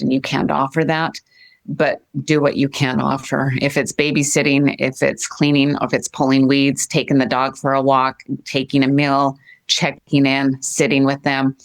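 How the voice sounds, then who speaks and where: A middle-aged woman speaking as an interview guest, earnest and gentle, often repeating her phrases. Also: rumbling low, creaky. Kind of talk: heartfelt interview talk.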